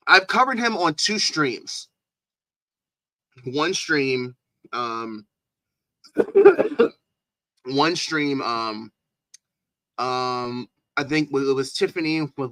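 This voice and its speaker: Incredulous streamer host with a bright, close, dry voice and frequent laughs. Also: mid-range voice, dry recording, poor audio. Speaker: livestreamer. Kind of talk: livestream reaction commentary.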